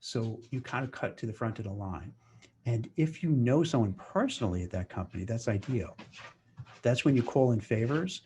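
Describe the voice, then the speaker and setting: A man talks through career advice in a casual monologue, animated and quick to act out office chatter. His voice sits at an ordinary middle pitch. Faint noise hums behind him. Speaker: career commentator.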